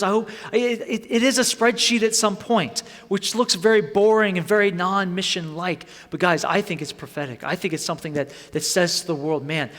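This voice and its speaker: A man's voice: sits high, a bit bright. A man preaching a sermon in an earnest, conversational way that builds to emphatic points. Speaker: pastor. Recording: long hall reverb.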